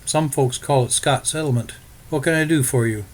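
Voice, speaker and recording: A man's voice: mid-range voice, moderate pace, natural voice. A man voicing a friendly young frontier farmer's son who speaks in a plain, folksy way.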